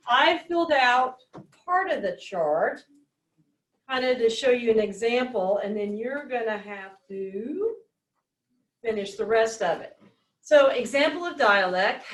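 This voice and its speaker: A woman teacher leading a reading lesson, explaining step by step and asking the class questions. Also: on the high side. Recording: echoey classroom, mic at a distance.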